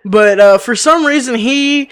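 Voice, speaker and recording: A man's voice: very high-pitched, measured pace, fairly bright tone, smooth. A man co-hosting a casual podcast chat, chatty and rambling, often restarting his sentences. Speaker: podcast co-host.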